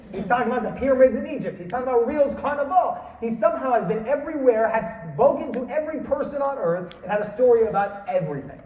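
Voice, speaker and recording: High-voiced man telling a story on a hall stage, animated, acts out lines, distant mic. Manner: animated, acts out quotes and laughs. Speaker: speaker. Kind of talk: storytelling talk.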